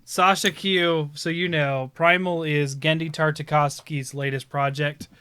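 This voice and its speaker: A man in his thirties with a bright, forceful voice, talking casually on a live stream. He tells stories animatedly and breaks into laughter often. The sound is close and dry. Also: a little high, fairly even intonation, unhurried, clear, resonant tone, no echo. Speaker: stream host. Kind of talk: casual chat.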